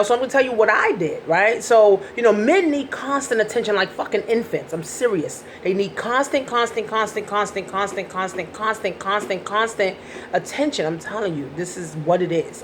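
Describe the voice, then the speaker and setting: Woman life coach, casual phone-camera vlog, blunt and profane, faint background noise. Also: mid-range voice. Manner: blunt and profane, talks straight to viewers.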